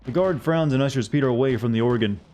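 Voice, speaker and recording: A man streaming a game live, moving between reading on-screen text aloud and chatting loosely with his viewers. His voice sits at an ordinary middle pitch. A faint hum of background noise sits under it. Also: quick pace, darkish tone. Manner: casual chat with viewers. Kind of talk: live-streamed gameplay commentary.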